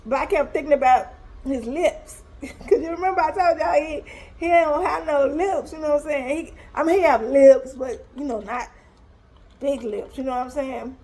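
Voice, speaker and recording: Woman, high pitch, animated storyteller, talks to viewers, emotional. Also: normal speed, a little hiss or hum. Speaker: vlogger.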